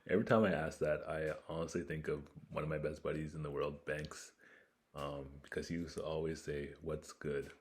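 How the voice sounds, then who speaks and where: A man with an extremely low, deep voice talks through a casual solo podcast. He rambles candidly, trailing off into fillers as he goes. He is a host from northern Ontario, speaking at home. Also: normal speed. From northern Ontario, Canada. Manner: rambling and candid, many fillers, laughs between thoughts. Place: home room with a fire crackling behind.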